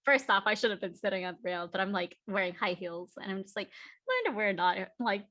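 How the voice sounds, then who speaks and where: A woman chatting at home on a video call as an interview guest, telling lively stories and acting out what people said. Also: mid-range voice, quick pace. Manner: animated storyteller, acts out quotes. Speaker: guest cosplayer. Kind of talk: casual interview chat.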